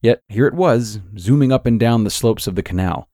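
A man narrating a scripted horror story in a measured, steady way. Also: medium pitch, dry recording, studio quality.

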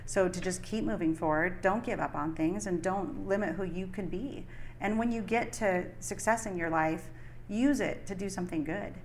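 A middle-aged woman talking as an interview guest, earnest and reflective, in a lowish voice. She speaks in a motivational tone, and faint ambient noise hangs behind her. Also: normal speed.

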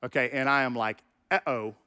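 In a large hall, a middle-aged male pastor talks directly and conversationally to his congregation during a sermon. His voice is on the high side and a bit bright, and he speaks a little slowly.

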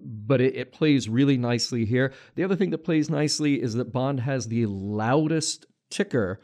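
A man's voice: medium pitch, normal speed, a little mellow. A man co-hosting a casual film podcast, speaking with enthusiasm and playfulness, often stammering into restarts. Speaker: podcast co-host.

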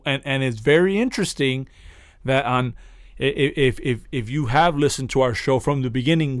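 A man's voice: mid-range voice, no room sound, studio quality. Casual rambling male podcast co-host. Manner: rambling, profane, laughs often. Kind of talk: casual chat.

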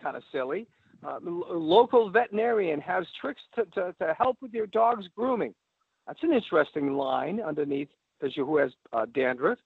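Gravelly man on a tinny phone line. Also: high voice, normal speed, no room sound. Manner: rambling, animated, acts out phone calls. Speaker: radio guest. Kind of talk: casual advice talk.

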